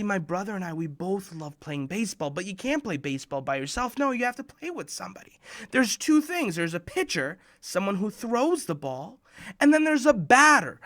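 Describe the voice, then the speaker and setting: A young man hosts a children's sermon, sliding between stories and jokes in an easy, conversational tone. His pitch rises and falls a lot as he acts things out. He keeps things playful throughout. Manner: animated, joking, conversational. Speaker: children's khutbah presenter. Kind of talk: playful storytelling sermon for kids.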